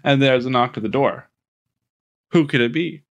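A man's voice: mid-range voice, moderate pace, dull audio. A man on a podcast casually recapping a movie, rambling and joking and acting out the characters' lines. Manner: rambling and jokey, with frequent restarts and playful quoted voices.

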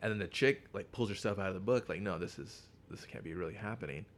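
A man co-hosting a podcast, casually retelling a comic's plot with lots of swearing and quick character voices. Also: deep voice. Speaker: podcast co-host. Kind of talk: casual comic book chat.

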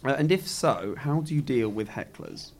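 A man's voice: mid-range voice, expressive, normal speed. Rambling male co-host. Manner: rambling, self-correcting questions. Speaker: podcast co-host. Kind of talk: live casual interview. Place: live venue at a comedy festival.

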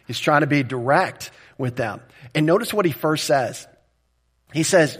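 A man's voice: fairly high pitch, lively intonation, unhurried, breathy edge. A man preaching an expository sermon as a pastor, talking in a conversational and direct way and often checking in with the listeners.

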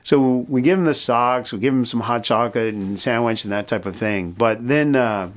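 A man's voice: medium pitch, moderate pace. A middle-aged American man, a mission leader, telling a personal story in an interview and acting out the dialogue. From United States. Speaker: mission president, guest.

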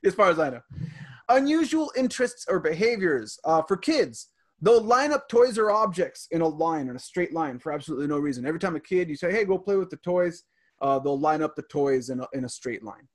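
With a fairly high, briskly delivered voice full of big pitch swings, a man who teaches chats on a podcast. He goes through a list, reading items aloud and sharing stories from his classroom.

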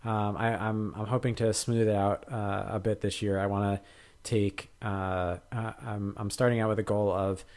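A man's voice: lowish voice, level tone, moderate pace, a little mellow. A man co-hosting a podcast, chatting casually and hesitantly, with many fillers and restarts. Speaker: podcast co-host. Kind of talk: casual chat.

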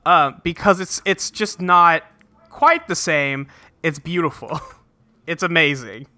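Bright, dry-voiced man recapping a cartoon. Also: on the high side, no echo. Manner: swears freely, acts out scenes in quick voices. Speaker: podcast host recapping a cartoon. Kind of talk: casual chat.

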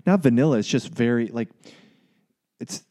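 A man's voice: medium pitch, moderate pace, warm tone. A man chatting casually, rambling with many restarts and "like"s. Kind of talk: casual chat.

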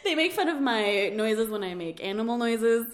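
A woman hosts a laid-back chat, giggling and tossing in impressions. Her voice is high and swoops around a lot, and the recording is roomy and echoey. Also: moderate pace. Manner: giggly, animated, does impressions. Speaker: podcast host. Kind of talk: casual chat. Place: coffee shop. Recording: echoey room.

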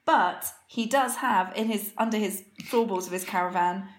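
A woman's voice: medium pitch, normal speed, echoey room. A woman co-hosting a casual chat, recapping a TV episode from her notes with plenty of filler words. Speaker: podcast co-host.

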